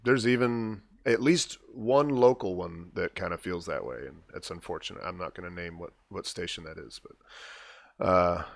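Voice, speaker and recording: A man's voice: sits low, moderate pace, gravelly, dry recording, studio quality. A man hosting a casual live show, chatty and easygoing, with frequent fillers and laughs. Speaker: podcast host. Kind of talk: casual chat.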